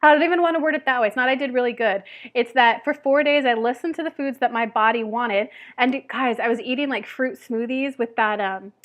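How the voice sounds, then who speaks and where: A woman's voice: fairly high pitch, a little fast, few pauses, a bit bright. Bubbly woman chatting to camera. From Tennessee. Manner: bubbly, chatty, self-deprecating with frequent laughs and fillers. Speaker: weight loss vlogger. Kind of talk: casual chat to camera.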